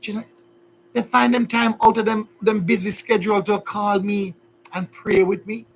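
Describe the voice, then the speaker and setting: Jamaican male vlogger, young, slightly high voice, sincere and rambling, faint noise behind. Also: level tone, moderate pace. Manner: earnest, rambling, emotional. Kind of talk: casual heartfelt talk to viewers.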